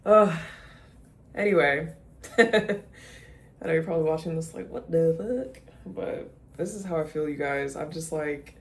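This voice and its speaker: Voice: mid-range voice, moderate pace, creaky. A vlogger on the verge of tears, rambling in an unscripted confessional rant full of restarts and self-questioning. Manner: soft-spoken confessional tone, near tears. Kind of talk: unscripted emotional vlog rant.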